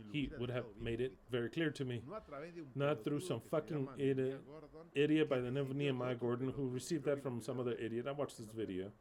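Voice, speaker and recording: Blunt, profane male preacher over crowd noise. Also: medium pitch. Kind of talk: informal sermon.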